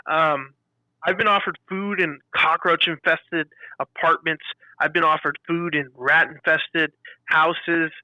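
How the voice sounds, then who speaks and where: A man co-hosts a casual podcast chat in a bright, somewhat high voice. He tells animated work stories and acts out what customers said. The sound is dry and close. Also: measured pace, no echo, poor audio. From California. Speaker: podcast co-host.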